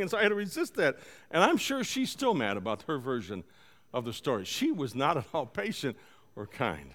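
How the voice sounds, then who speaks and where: A man preaching a conversational sermon, telling a personal story and moving between soft, quiet stretches and loud, animated bursts. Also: fairly high pitch, a little fast. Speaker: pastor. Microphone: live-streamed service.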